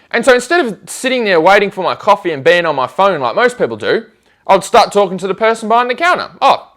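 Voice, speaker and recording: Lively fast-talking man. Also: high voice. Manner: animated, acts out conversations in quoted voices. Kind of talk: casual storytelling chat.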